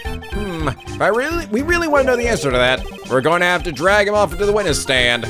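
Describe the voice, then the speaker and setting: A man's voice: high-pitched, very animated, fast, music in the background. A man playing a story game and joking about it, with crude, confused asides. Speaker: let's play host. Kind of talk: let's play commentary and reading.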